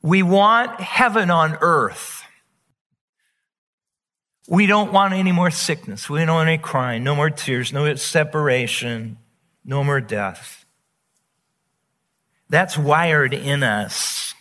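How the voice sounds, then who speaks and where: A man preaching a sermon as pastor, emphatic and animated, drawing out quoted words slowly. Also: fairly high pitch. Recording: long reverb of a large hall.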